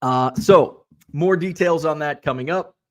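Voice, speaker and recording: A man's voice: fairly high pitch, a little slow. A man hosting a casual livestream, rambling with fillers as he reads viewer comments aloud. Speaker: livestream host reading chat.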